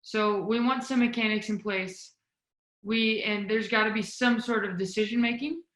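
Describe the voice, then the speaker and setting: A woman speaking as a volleyball coaching guest on a video call, energetic and emphatic, demonstrating as she talks. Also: mid-range voice, normal speed, roomy sound, poor audio. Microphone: video call mic.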